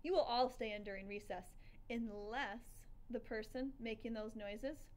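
A strict middle-aged teacher who speaks in firm, clipped, measured sentences, voiced by a woman reading aloud. Her tone sits a little high and keeps order in the classroom. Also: darkish tone, lightly acted. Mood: stern. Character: stern middle-aged female schoolteacher. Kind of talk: audiobook character voice.

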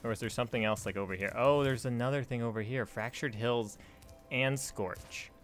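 A man's voice: mid-range voice, normal speed, fairly bright tone, soft background music. Chatty man commenting on a game. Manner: chatty, rambling, laughs often. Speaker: let's play host. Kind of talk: casual gameplay commentary.

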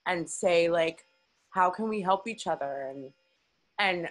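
An encouraging woman hosting a podcast, speaking with emotion and emphasis. Her voice sits a little low. Soft music plays faintly behind her. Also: measured pace, low-quality recording. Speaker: podcast host. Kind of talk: casual interview chat.

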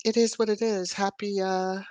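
A woman's voice: mid-range voice, flat delivery, normal speed, no room sound. A woman hosting a casual live stream, greeting viewers one by one by name and lifting her voice on each greeting. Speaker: livestream host. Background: soft background music.

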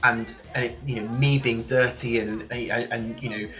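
A man from near Liverpool in England, a guest telling his story in a relaxed interview, lively and full of restarts. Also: mid-range voice, normal speed, soft background music. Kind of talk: casual interview chat. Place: remote call from another country than the host.

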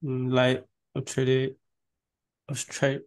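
A man's voice: mid-range voice, completely flat delivery, slow pace, no echo. A man from Vietnam with a Vietnamese accent, a student speaking hesitantly and repeating words in an online English lesson.

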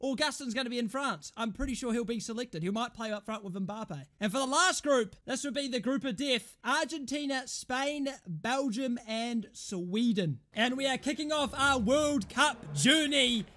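A young man commentating his football video game match, excitable and often shouting and swearing at his teammates. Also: very high-pitched, normal speed. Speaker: gaming YouTuber. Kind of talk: live gameplay commentary.

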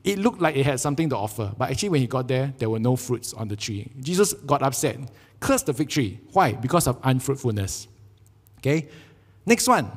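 A young adult man with a Singaporean English accent, preaching a sermon as a pastor, telling stories with lively energy and often checking in with "right?". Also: mid-range voice, fairly quick. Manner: animated storytelling with frequent "right?" tags. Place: church sanctuary. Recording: long church hall reverb.

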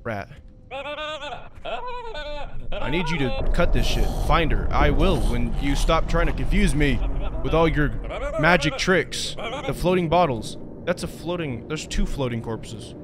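A man's voice: on the high side, lively intonation, a little slow, noisy background. A young man hosting a let's-play, joking, swearing and laughing as he reacts. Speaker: gaming video host.

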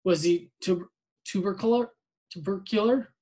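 A man voicing a stern senior commandant who questions slowly and pointedly. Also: high voice, darkish tone, husky, voice pushed up. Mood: probing. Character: stern senior male commandant, probing and menacing.

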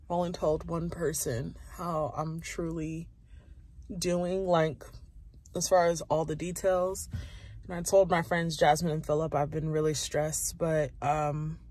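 A woman in her twenties, tearful from crying, talking haltingly and candidly into her phone in a confessional vlog. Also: sits low, a little mellow. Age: 20s. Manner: halting, raw and candid, many pauses. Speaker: YouTuber.

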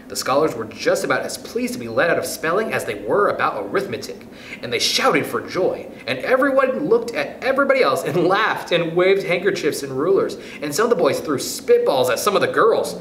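A man narrating a children's storybook with an animated, expressive lilt and a fairly high voice. The sound rings in a roomy space with a faint hiss underneath. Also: a little fast. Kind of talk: reading a children's book aloud. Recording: roomy echo, faint noise.

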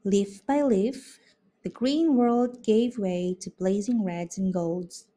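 A woman reading a children's picture book aloud in an expressive, unhurried way. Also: mid-range voice. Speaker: storybook reader. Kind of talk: children's read-aloud narration.

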